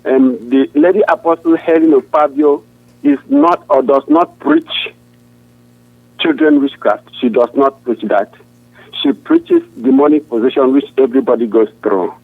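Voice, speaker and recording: A man, a pastor, answering interview questions in an earnest, halting way with frequent restarts. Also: medium pitch, huge pitch swings, vocal fry, no echo. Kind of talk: answering questions over a phone line. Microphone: phone. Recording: tinny dry phone line.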